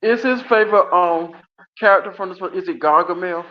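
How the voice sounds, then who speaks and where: Man, joking guest voice, high pitch, muffled lo-fi audio. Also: brisk. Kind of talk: casual live-stream chat. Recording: dull lo-fi audio.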